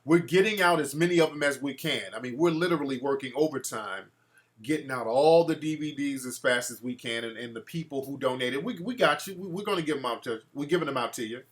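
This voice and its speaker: A man's voice: medium pitch, a little fast. A man hosting a casual call-in show, talking in a brash, profane way and reacting to his live chat. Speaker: talk show host.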